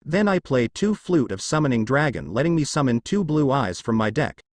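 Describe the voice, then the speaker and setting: A man's voice: mid-range voice, big pitch swings, normal speed, no echo. A man voicing a cold, cocky young duelist who talks in a commanding way.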